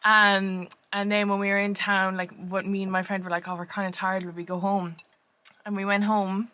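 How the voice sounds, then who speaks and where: Bright and forceful, this woman's medium-pitched voice has a flat delivery. She co-hosts a podcast, rattling off stories in casual chat packed with laughter and fillers.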